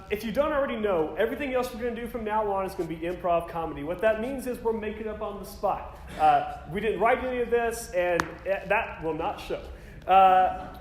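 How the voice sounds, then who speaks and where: A man hosting an improv comedy show, chatting upbeat with a live audience and explaining the next game. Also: high voice. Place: concert hall, live audience. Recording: echoey hall, loud crowd noise.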